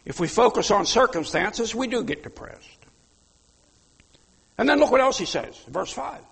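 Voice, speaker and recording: A man preaching a sermon, fiery and emphatic, with sudden loud outbursts. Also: sits high, sing-song, normal speed, vocal fry, husky, long reverb tail. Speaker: pastor.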